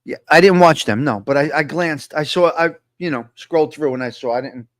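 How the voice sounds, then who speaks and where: A man's voice: fairly high pitch, brisk, no room sound, clean studio sound. A man hosting a casual live-stream chat, talking to viewers and repeating his points with emphasis. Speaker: host.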